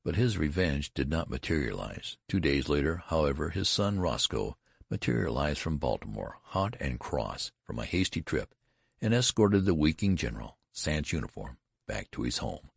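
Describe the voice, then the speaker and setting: A male narrator reading a classic story in a measured, expressive way. His voice is extremely deep with a gravelly fry and a husky edge, and the recording is close and dry. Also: no echo. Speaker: audiobook narrator. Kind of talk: scripted narration.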